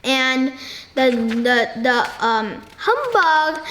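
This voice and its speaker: High-voiced woman in an echoey room. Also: big pitch swings, a bit bright. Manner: halting, searching for words with many ums and restarts; asks the listener frequent questions. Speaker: book discussion host. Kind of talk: casual book discussion with questions to listeners. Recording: echoey room with faint noise.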